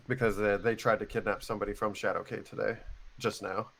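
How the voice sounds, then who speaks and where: A man's voice: on the low side, level tone, quick pace, fairly bright tone. A man chatting as a roleplay police officer, wry and playful as he spells things out. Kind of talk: casual roleplay chat.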